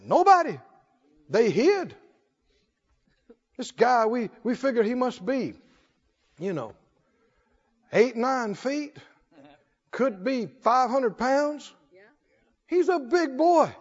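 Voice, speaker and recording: Preacher telling a folksy funny story, lively up-and-down voice, muffled lo-fi church recording. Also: male voice, extremely high pitch, slow pace, long pauses. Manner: folksy, humorous storytelling, laughing often. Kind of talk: sermon. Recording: dull lo-fi recording in echoey hall.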